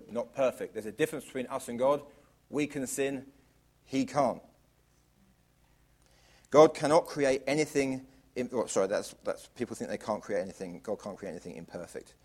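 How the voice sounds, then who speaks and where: A man preaching a sermon to a congregation, asking rhetorical questions and swinging from loud emphasis down to quiet, low lines. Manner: varies volume widely, drops to quiet emphasis; asks the audience rhetorical questions.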